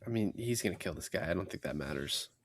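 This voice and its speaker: A man's voice: sits low, quick pace, breathy edge, dry recording. A young man on a casual podcast, retelling a film scene by scene, swearing freely and acting out the characters' lines. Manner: animated retelling, swears a lot, acts out lines. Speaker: podcast co-host. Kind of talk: casual movie recap chat.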